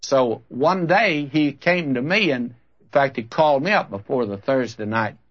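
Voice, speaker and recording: A man's voice: mid-range voice, normal speed. A man preaching a sermon, telling a story and reading scripture in an earnest, conversational way. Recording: dull lo-fi recording.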